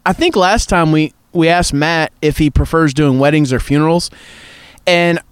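A man's voice: on the high side, moderate pace, clean tone, no room sound. A man hosting a casual chat by a cold outdoor campfire, jokey and laughing easily. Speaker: podcast host and pastor.

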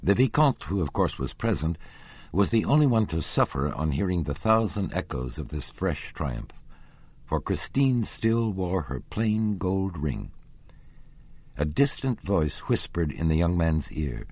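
A man reading a classic novel aloud as an audiobook narrator, measured and expressive, softening his voice for quoted lines. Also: low-pitched, breathy edge.

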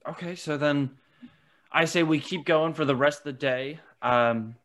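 A man playing a tabletop game, talking casually and haltingly. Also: a little high, fairly bright tone. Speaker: player.

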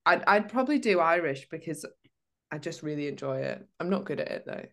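A woman with a notably low voice, co-hosting a podcast as a fitness coach. She chats casually and gives practical, down-to-earth advice in a relaxed, conversational way. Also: a little fast.

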